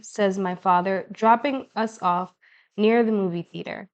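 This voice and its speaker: Woman reading an audiobook, first person, measured and expressive, middle pitch. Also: muffled recording. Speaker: audiobook narrator.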